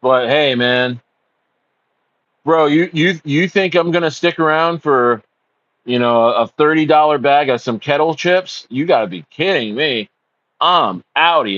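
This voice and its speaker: A man's voice: fairly high pitch, lively intonation, moderate pace, fairly bright tone, lo-fi sound. A man hosts a casual livestream. He rambles, fills his talk with ums and uhs, swears, and calls his viewers bro. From United States. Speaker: livestream host.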